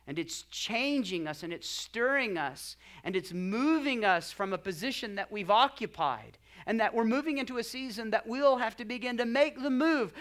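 A male pastor preaching a sermon with passion, building to loud climaxes and tossing in jokey asides to the congregation. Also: high voice.

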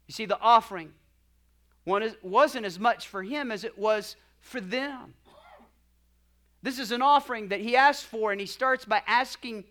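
A male pastor preaching a sermon with passion, building to loud climaxes and tossing in jokey asides to the congregation. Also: high-pitched.

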